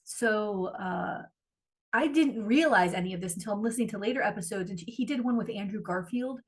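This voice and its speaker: A woman's voice: medium pitch, a little fast, slightly rough. A woman co-hosting a podcast, chatting casually and animatedly, gushing and swearing freely. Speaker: podcast co-host. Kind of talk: casual chat.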